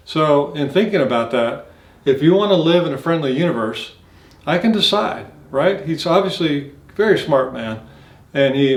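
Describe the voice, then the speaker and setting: A man's voice: medium pitch, echoey room. A man giving an earnest reflective monologue, speaking straight to the listener with many rhetorical questions. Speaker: motivational speaker.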